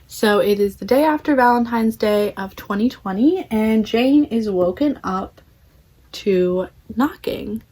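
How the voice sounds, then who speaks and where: A chatty young woman recaps a novel's plot for her video channel. She talks casually with plenty of "like" and slips into quick voices for the characters. Her tone is relaxed and conversational. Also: on the high side. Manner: chatty, many "like"s, acting out characters' quotes. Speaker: book vlogger.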